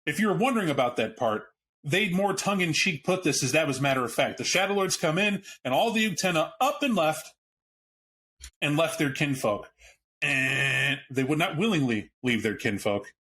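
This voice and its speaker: A man's voice: a little high, animated, normal speed, sharp tone. A man hosting a podcast, talking casually and bluntly about a tabletop game book, swearing now and then and restarting his sentences as he thinks aloud. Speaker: podcast host.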